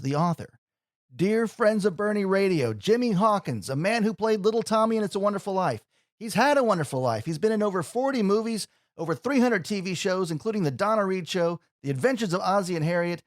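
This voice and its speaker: A man's voice: high-pitched, no room sound, clean studio sound. A man hosting a radio interview, earnest and openly emotional as he talks. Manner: warm-hearted, earnest, emotional. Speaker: radio host.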